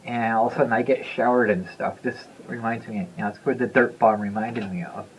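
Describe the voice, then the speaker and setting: A man's voice: on the low side, steady tone, fairly quick, a little hiss or hum, rough recording. A man in his fifties telling a story to the camera in a loose, rambling way, chuckling and repeating himself. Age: 50s. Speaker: vlogger. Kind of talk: casual storytelling.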